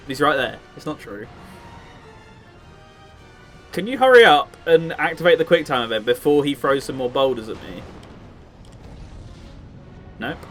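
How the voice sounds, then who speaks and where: A man's voice: mid-range voice, a bit bright. Chatty man streaming a game. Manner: joking and chatty, laughs often. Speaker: streamer playing a video game. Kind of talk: casual gameplay commentary.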